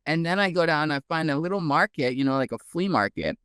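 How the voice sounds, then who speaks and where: A man, a guest researcher, telling a story in a casual, animated way with many "like"s. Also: fairly high pitch, quick pace, clear, resonant tone, no room sound, clean studio sound. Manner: animated, heavy use of "like".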